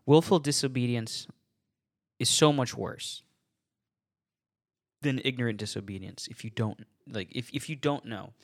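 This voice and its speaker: A man talks through a solo podcast on faith in a relaxed, unscripted way. He chuckles between thoughts and trips over and repeats his words, while staying earnest about his points. His voice sits at an everyday middle pitch. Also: unhurried, long pauses. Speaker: podcast host.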